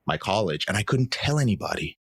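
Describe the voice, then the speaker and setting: Deep-voiced man telling his story. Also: animated, fairly quick, gravelly, a bit bright, breathy edge, no echo. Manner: earnest, reflective, acts out quoted voices. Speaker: podcast guest. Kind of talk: candid personal storytelling.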